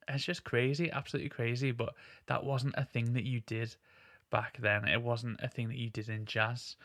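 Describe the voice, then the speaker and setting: Male podcast host, casual rambling chat, gravelly and flat delivery, dry sound. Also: mid-range voice, no echo. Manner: enthusiastic, rambling with many "like"s.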